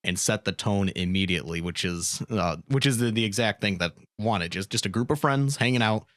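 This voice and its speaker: A man's voice: on the low side, fairly quick, fairly bright tone, dry recording. A man hosting a laid-back podcast, rambling and restarting his sentences with repeated words. His voice is recorded close and dry, with no room around it. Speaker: podcast host. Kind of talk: casual podcast chat.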